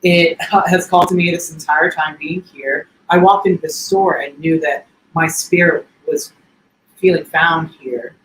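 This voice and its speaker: A man's voice: a little high, fairly even intonation, unhurried, fairly bright tone. A man co-hosting a casual show, telling stories in an effusive, chatty way. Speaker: co-host. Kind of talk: casual livestream chat. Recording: echoey room with faint ambience.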